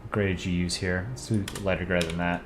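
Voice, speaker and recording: A young man livestreams while drawing, chatting casually and answering his viewers' messages in a relaxed, chatty manner. His low-pitched voice is fairly quick, with soft background music behind it.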